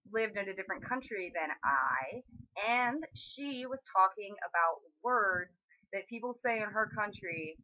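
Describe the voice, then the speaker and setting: Chatty woman vlogger, slightly dull audio. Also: medium pitch. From California. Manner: chatty, playful, laughs between points. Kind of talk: casual explainer vlog.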